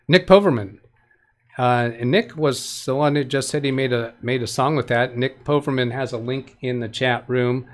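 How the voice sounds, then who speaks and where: A man hosting a live tech help stream. He reads viewer comments aloud in a rambling way, corrects himself often, and gives plain practical advice. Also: mid-range voice. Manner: rambling, with frequent self-corrections and restarts.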